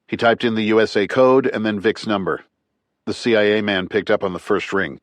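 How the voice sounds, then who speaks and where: Low-voiced man narrating a thriller. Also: dry recording. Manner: tight, clipped, measured. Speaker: audiobook narrator.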